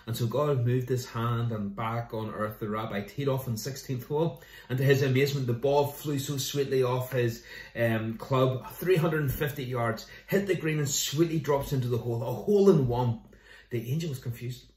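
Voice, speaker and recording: A man's voice: medium pitch, normal speed, darkish tone, recorded from a distance. A man, a pastor giving an online sermon in a conversational way, with jokes and scripture readings. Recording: roomy echo.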